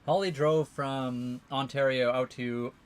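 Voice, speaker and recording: A man's voice: medium pitch, steady tone, slow, clean tone. A man co-hosting a casual livestream, rambling through answers to viewer questions. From Canada. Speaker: livestream co-host.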